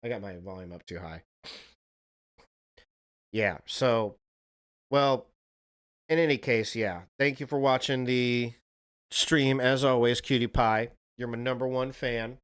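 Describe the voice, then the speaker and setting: A man's voice: mid-range voice, a little slow, pauses often, a bit bright, clear, resonant tone. A man hosting a livestream, reacting to a video and chatting casually with viewers in a rambling, profane way. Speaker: livestream host.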